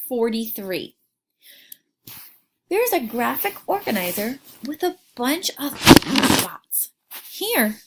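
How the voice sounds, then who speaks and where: A woman teaching a phonics lesson to young children, slowly sounding out words and asking them to repeat. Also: a little high, a little hiss or hum. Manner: slow, exaggerated sounding out of words.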